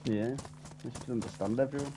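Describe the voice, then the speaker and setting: A man's voice: mid-range voice, a little fast, noisy background. A man chatting over gameplay with a friend, blunt and dry in his banter. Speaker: gaming co-player. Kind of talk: casual chat over gameplay.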